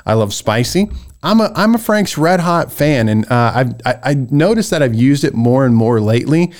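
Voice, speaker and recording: Animated rambling American man ranting. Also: mid-range voice, normal speed. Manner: animated, rambling, gets worked up. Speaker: podcast host. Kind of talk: casual ranting commentary.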